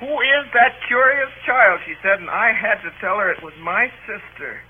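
A pompous teenage boy, forever indignant and whiny, squeaks high and husky through a tinny old radio broadcast. His complaints come in a 1940s radio-play manner, fussy and self-important. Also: expressive, normal speed.

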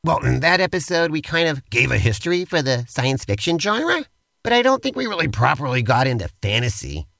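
A man's voice: fairly high pitch, big pitch swings, a little fast, vocal fry, a bit bright, dry recording. A man co-hosting a comedy podcast, narrating an improvised role-play in a playful, theatrical way.

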